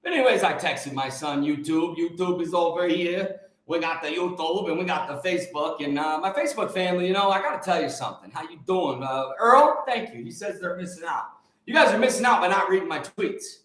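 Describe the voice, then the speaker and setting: A man hosting a casual livestream chat, excitable and energetic, often repeating words for emphasis. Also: sits high, brisk, very echoey. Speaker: livestream host.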